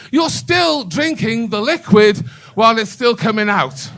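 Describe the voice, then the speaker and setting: A man's voice: high-pitched, a bit bright. An older man doing a bawdy stand-up comedy set in a comedy club, telling a story and chatting with the crowd.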